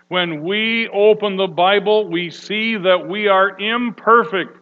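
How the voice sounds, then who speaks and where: A man preaching a sermon, slow and earnest, building to loud emphatic peaks. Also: high-pitched. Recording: dull lo-fi recording with mains hum.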